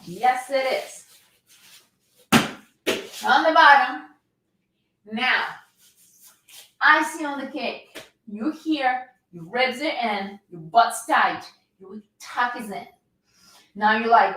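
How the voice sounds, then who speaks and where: A woman's voice: on the high side, takes it slowly, pauses often. Echoey, upbeat woman fitness coach. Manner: energetic, coaxing, demonstrates while talking. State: shaking from holding a plank. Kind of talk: live workout class instruction. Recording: very echoey room, voice distant from mic.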